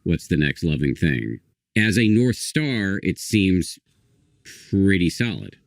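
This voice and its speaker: A man with a very deep, low voice hosts an interview and reflects thoughtfully on what his guest has said. His manner is measured and calm. The recording is dry and close, with no room sound. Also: vocal fry, no echo. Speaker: podcast host. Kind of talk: interview conversation.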